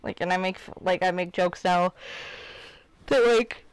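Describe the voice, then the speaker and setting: A woman's voice: lowish voice, fairly even intonation, a little slow, smooth. A woman in her twenties from Illinois, hosting a live stream in casual chat. She rambles candidly and fills her talk with "like" and "you know what I mean". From Illinois, United States. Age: 20s. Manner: rambling, filler-heavy, candid.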